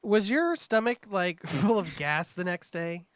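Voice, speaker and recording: A man's voice: high-pitched, big pitch swings, unhurried, a bit bright, smooth, dry recording, studio quality. A male podcast co-host cracking jokes in casual chat. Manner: wisecracking.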